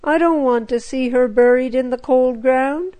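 A woman's voice: sits high, unhurried, mellow. Woman voicing a weepy little girl. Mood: praying. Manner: pleading, weepy. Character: tearful little girl grieving her kitten.

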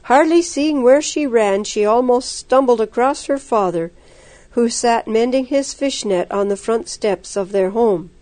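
A woman's voice: on the high side, unhurried, a little mellow, no room sound. Woman narrating a storybook, dry sound.

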